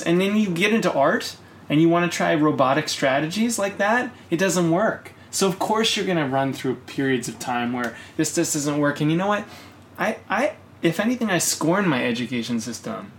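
A man co-hosting a podcast, ranting in casual chat, swearing often and rising into loud bursts. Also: on the high side, animated, moderate pace, slight background noise. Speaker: podcast co-host.

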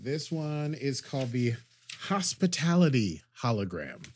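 A man's voice: mid-range voice, sing-song, a little slow, husky. A man casually recapping a TV episode as a podcast co-host, rambling and joking as he acts out the characters' lines.

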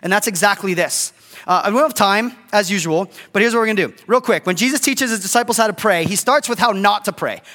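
A man's voice: high-pitched, quick pace, pushed and bright, big-room sound. A middle-aged man preaching a casual, conversational sermon as a pastor, often checking in with "right?". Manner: conversational, keeps asking "right?".

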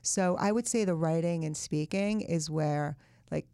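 A woman's voice: low-pitched, a little slow, dark tone, smooth, no room sound, clean studio sound. A woman author being interviewed on a podcast, speaking earnestly and thoughtfully in casual chat. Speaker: author and guest.

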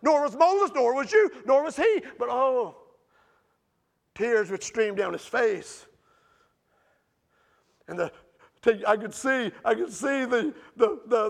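A man preaching a sermon with passion, swinging between loud outbursts and hushed storytelling. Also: extremely high pitch, lively intonation, measured pace, gravelly, long pauses.

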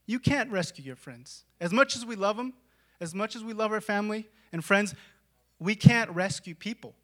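A man preaches with a high, bright, ringing voice. He talks casually, tossing in "like" and "right?", and swings from quiet, intimate stretches to full shouts. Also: animated, normal speed. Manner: dramatic swings from hushed to shouting; conversational, with filler "like" and "right?". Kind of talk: sermon.

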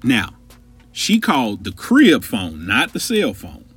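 A man in his thirties telling a long personal story on a podcast, profane and animated, talking straight to his listeners. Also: mid-range voice, slow pace, husky, faint music behind. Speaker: podcast host.

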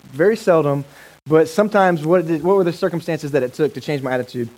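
Upbeat casual pastor preaching, slightly high. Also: male voice, quick pace, a little mellow, rough recording. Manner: casual, enthusiastic, joking. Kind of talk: sermon.

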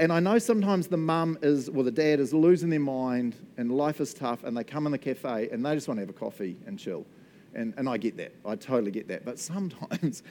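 A middle-aged man with a New Zealand accent, preaching a sermon and telling stories in an animated way, laughing often. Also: a little high, a little hiss or hum. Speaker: pastor.

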